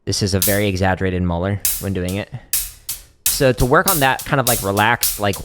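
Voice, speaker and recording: A man's voice: fairly low pitch, fairly quick, over music. A man teaching drumming on a livestream Q&A, explaining casually with lots of fillers and counting out strokes. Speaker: drum teacher. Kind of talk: livestream Q&A lesson.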